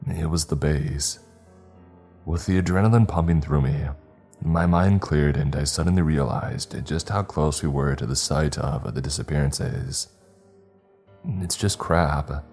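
A man narrating a scripted first-person horror story in a measured, deliberate way. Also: extremely low pitch, darkish tone, soft background music.

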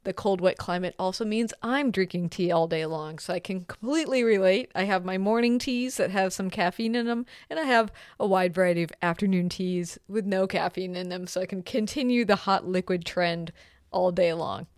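A woman with a smooth, resonant voice hosts a podcast, asking questions and reading out listener mail. She speaks in a friendly, articulate way, at a middle pitch. The sound is dry and close. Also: moderate pace, dry recording. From United States. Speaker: podcast host.

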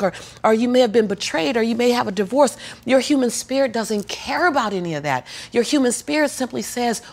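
A middle-aged woman and motivational speaker telling a personal story in an interview, lively and acting out the people in it, then preaching with repeated phrases. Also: fairly high pitch. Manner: animated, acts out the people in her story.

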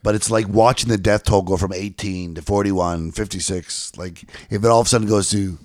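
A man co-hosting a podcast, speaking haltingly and repeating words as he thinks. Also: lowish voice, fairly even intonation, darkish tone, no echo, clean studio sound. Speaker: podcast co-host. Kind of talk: casual podcast chat.

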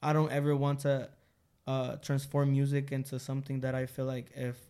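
A man's voice: mid-range voice, monotone, moderate pace, warm tone, smooth. A young man, a musician guest, chatting casually in a slangy, laid-back way and laughing often. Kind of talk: casual chat.

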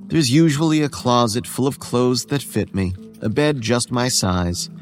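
A man narrating a horror story in the first person as a weary homeless boy who looks about eleven, speaking in a quiet, measured, tired way. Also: medium pitch, close to an everyday voice. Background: soft music.

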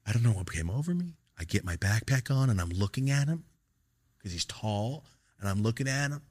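A man with a fairly low voice spins a comic story from his own past, swearing freely and throwing himself into it. His delivery is casual and animated. The sound is dry and close, with no room echo. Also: brisk. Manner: animated, profane, acts out quoted lines. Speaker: podcast host.

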